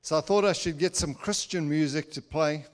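A man's voice: fairly high pitch, moderate pace. An older man preaching in a church, telling a personal story with laughter and acted-out quotes. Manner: animated, laughing storyteller who acts out quotes. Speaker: guest speaker.

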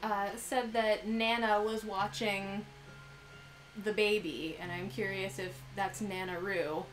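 A woman's voice: medium pitch, fairly even intonation, slow pace. A woman chatting casually and playfully while co-playing a game on stream. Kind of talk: casual chat. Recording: echoey room with music behind.

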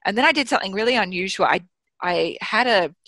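A woman's voice: mid-range voice, fast talker, no room sound. An Australian woman in her thirties, telling stories frankly in a casual conversation, swearing freely and acting out her own thoughts. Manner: frank, swears freely, lively storytelling with quoted inner voices. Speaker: guest author and business mentor.

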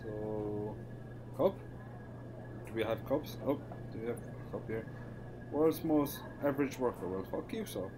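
A man's voice: lowish voice, measured pace, background noise. An Irish man giving casual, jokey gameplay commentary with mock-bossy banter. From Ireland. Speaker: gaming YouTuber.

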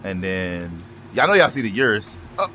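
A man giving loud, profane, excitable commentary over his car game, with quick shouted outbursts. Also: low-pitched. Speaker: gaming YouTuber. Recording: noisy game audio behind the voice.

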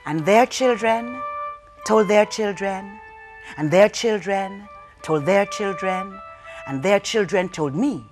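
A woman telling a folk tale to children, dramatic, with call-and-response and hushed whispers. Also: mid-range voice, takes it slowly, music in the background. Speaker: storyteller. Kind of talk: storytelling for children.

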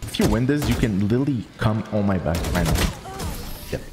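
Guy ranting over his game, crude trash talk, pitch jumps all over. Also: expressive, a little fast, over music. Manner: exasperated, ranting. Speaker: streamer commentating his gameplay. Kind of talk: gameplay commentary.

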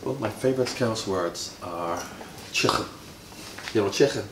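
A very deep-voiced man in his fifties from Jamaica, talking playfully to a child and quizzing her, dragging out words to make a point. He sounds set back from the mic in an echoey room with faint noise behind him. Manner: playful, quizzing, drawn-out emphasis. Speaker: retired footballer, interviewee. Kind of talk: friendly teaching chat with a child. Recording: roomy, from far off, faint noise.

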